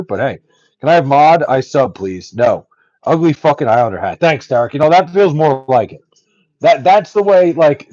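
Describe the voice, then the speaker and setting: A man's voice: fairly high pitch, darkish tone, no room sound, lo-fi sound. A young man chatting casually on a livestream, reading chat aloud, loose and profane with lots of ums.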